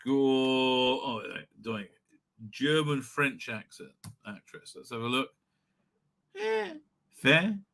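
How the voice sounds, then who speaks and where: A man's voice: medium pitch, huge pitch swings, slow pace, gravelly, pauses often, a bit bright. A man hosting a live stream, rambling and ranting with lots of swearing and filler words. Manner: profane, ranting, many fillers. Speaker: livestream host.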